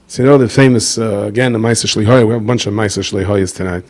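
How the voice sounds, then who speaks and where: A man's voice: fairly low pitch, fast, darkish tone. A man giving a rabbi's talk, telling stories, acting out the voices of the people in them and putting asides to his listeners. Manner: storytelling, acts out quoted voices, asides to listeners. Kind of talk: sermon with anecdotes.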